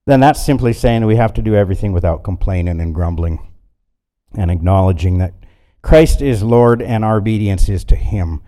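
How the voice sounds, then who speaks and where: A man preaching a sermon in a folksy way, swinging between loud bursts and quiet asides. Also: fairly low pitch, moderate pace.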